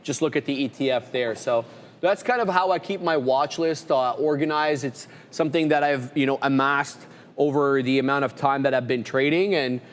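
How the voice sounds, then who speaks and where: A man with a medium-pitched voice co-hosts a live trading show, speaking at a moderate pace in a large hall. The trader chats casually about the market and rambles through lists full of filler words.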